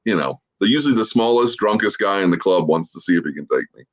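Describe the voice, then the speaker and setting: A man in his forties from Florida tells stories as a podcast guest, easygoing and rambling. His voice sits fairly low, and he leans on plenty of filler words. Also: lively intonation, quick pace. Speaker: guest, social media creator. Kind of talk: casual podcast chat, storytelling.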